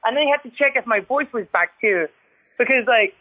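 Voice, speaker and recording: An English woman, a retired wrestler, telling stories in a casual interview, chatty, full of "like" fillers and quick laughs. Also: fairly high pitch, expressive, breathy edge, no echo. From England. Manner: chatty storyteller with constant "like" fillers and frequent laughs. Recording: tinny phone-like line, dry.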